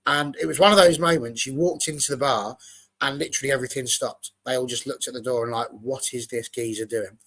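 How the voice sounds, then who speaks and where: A man's voice: medium pitch, steady tone, quick pace, fairly bright tone. A man from England hosting a casual football chat show and telling a long story. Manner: storytelling, chatty. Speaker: show host.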